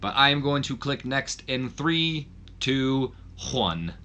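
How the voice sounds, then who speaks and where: A man's voice: medium pitch, lively intonation, takes it slowly, bright, forceful tone, muffled recording. A man casually narrating a wrestling game session, rambling with fillers. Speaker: let's play host.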